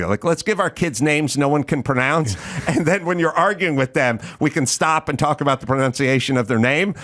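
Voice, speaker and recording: A man hosting a podcast, telling stories in an animated, profane way and acting out the voices of the people in them. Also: on the high side. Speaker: podcast host. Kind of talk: casual comedic chat.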